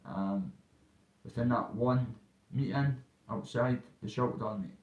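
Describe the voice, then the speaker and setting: A man's voice: mid-range voice, slow, darkish tone, echoey room, far from the mic, low-quality recording. A man from Dundee with a Dundee Scottish accent, telling a rambling story in a casual vlog, full of fillers and asides. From Dundee, Scotland. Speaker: recovery vlogger.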